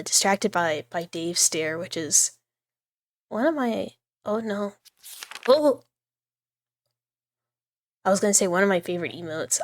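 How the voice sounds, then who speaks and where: A woman streamer chatting her way through a horror game, giggly and full of asides. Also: fairly low pitch. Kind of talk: live horror game commentary.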